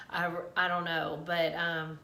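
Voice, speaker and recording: A woman's voice: fairly low pitch, flat delivery, slow pace, vocal fry, bright, forceful tone. A woman vlogger casually telling a candid, emotional personal story to camera. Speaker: vlogger sharing a pregnancy update. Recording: roomy echo.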